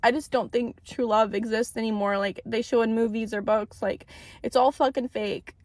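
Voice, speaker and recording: Young woman, high voice, dry close sound, frustrated swearing rant, phone storytime. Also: fairly even intonation, normal speed, no room sound. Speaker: TikTok storyteller. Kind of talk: ranting storytime.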